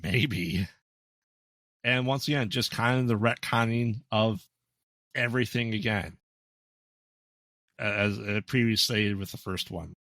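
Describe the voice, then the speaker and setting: A man's voice: on the low side, unhurried, pauses often, a bit bright, no echo. Laid-back man talking movies on a podcast. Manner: laid-back, hesitant with ums and restarts, dry asides. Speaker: podcast co-host. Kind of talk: casual movie review chat.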